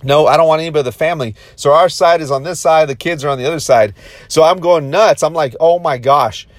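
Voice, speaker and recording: A man in his thirties telling a story to his viewers, intense and excitable, often repeating and restarting his phrases. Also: fairly high pitch, fast talker, dry recording, studio quality. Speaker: motivational vlogger.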